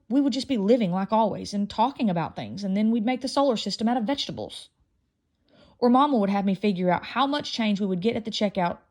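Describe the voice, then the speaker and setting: A woman reading a children's novel aloud in a lively first-person storytelling voice. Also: medium pitch. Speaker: audiobook reader.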